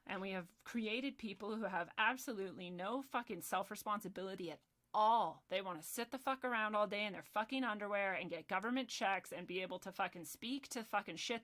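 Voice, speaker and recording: Woman going off on a livestream, bright sharp voice, lots of swearing, sarcastic and heated. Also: fairly high pitch. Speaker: livestream host. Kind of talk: angry ranting livestream.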